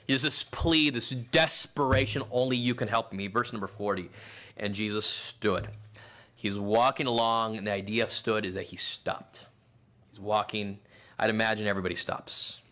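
Male preacher, bright tone, chatty sermon delivery, can build to shouting. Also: mid-range voice, normal speed. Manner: conversational preaching that rises to shouted acted-out crowd voices.

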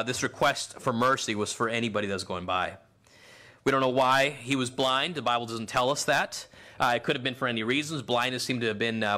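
A middle-aged man preaching a sermon, dropping low and then rising to near-shouts for emphasis. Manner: swings from quiet to shouted emphasis. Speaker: pastor.

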